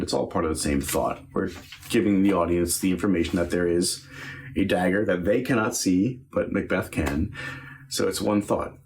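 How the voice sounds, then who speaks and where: Deep-voiced male acting teacher walking through verse line by line, unhurried and thinking aloud. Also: a little mellow, slight background noise. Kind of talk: lesson on Shakespeare verse.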